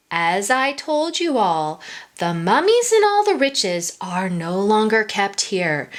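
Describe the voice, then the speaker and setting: A prim bird schoolteacher from a storybook, bossy and sing-song, with a high voice that swoops a lot, as a woman puts her on. She keeps her class in line. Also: fairly bright tone, exaggerated voice.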